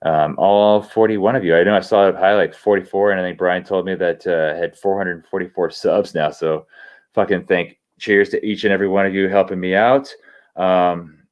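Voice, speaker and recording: A man hosting a livestream, swearing constantly as he rants excitedly and reads out viewer shout-outs. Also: low-pitched, normal speed. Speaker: livestream host. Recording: dull lo-fi stream audio.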